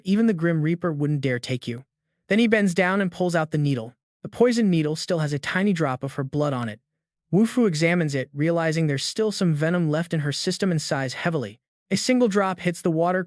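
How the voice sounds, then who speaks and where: Male recap narrator, punchy emphatic delivery, fairly high voice, dry close sound. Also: no echo. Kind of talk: dramatic comic recap narration.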